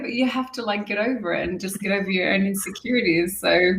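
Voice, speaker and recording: A woman podcaster, a guest on an interview show, telling her story candidly and in lively fashion with many restarts. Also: mid-range voice, fast talker, few pauses. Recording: roomy and distant from the mic.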